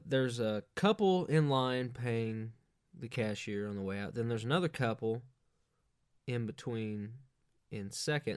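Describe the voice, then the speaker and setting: Crude foul-mouthed guy rambling thru a funny rant, dry close sound, middle pitch. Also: clear, resonant tone, no echo. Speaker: host. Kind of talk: comic rant monologue.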